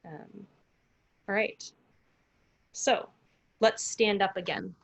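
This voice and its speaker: A woman teaches a breathing workshop over a video call. She speaks slowly and calmly at a middle pitch. She counts each breath and leaves pauses between the counts. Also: gravelly, low-quality recording. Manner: calm, slow counting with pauses. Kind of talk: guided breathing instruction. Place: home, virtual workshop.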